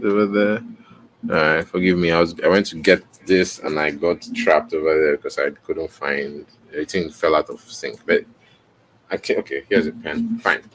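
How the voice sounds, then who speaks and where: A man's voice: sits low, slight background noise. A man hosting his own podcast, explaining in a rambling, self-correcting way and checking in with "right?" as he goes, recorded on a camera mic indoors. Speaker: podcast host. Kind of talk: casual explainer, teaching on camera.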